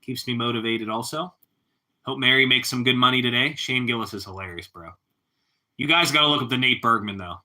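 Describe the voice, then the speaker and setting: Man with a very bright, sharp voice. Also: mid-range voice, fast talker. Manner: laid-back, laughs often, ends lines with bro and man. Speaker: livestreamer. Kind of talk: casual livestream chat with viewers.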